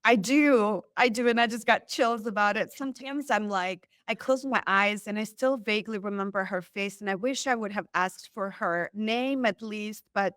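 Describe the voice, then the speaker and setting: Woman podcast guest, animated storyteller, mid-pitched voice, dry close sound. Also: normal speed, hardly any pauses, clean tone, no echo. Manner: animated, acts out quoted lines. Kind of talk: storytelling in an interview.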